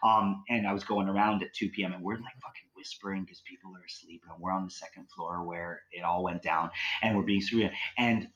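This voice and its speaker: Casual guy rambling through spooky stories on a podcast, lots of likes and restarts, voice a bit low. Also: steady tone, fairly quick, few pauses, a crowd in the background. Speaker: podcast guest telling ghost stories. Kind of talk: casual storytelling.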